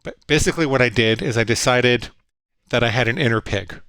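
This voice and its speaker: A middle-aged man speaking in an earnest, reflective way, recalling his past and voicing the thoughts in his head. His voice sits at an ordinary pitch, and the recording is dry and close. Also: fairly quick, a bit bright, clean tone, no room sound. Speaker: guest psychologist. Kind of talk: storytelling conversation.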